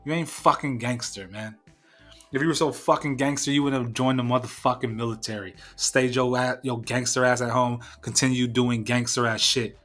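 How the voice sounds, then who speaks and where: A man's voice: mid-range voice, fairly even intonation, normal speed, a bit bright, faint music behind. A young man hosting his own podcast, talking in a blunt, profane, fired-up rant. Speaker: podcast host. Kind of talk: casual solo podcast rant.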